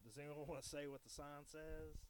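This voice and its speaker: A man's voice: a little high, flat delivery, brisk, smooth. A man co-hosting a casual podcast, retelling a film plot in a laid-back way with many fillers. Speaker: podcast co-host. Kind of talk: casual movie discussion.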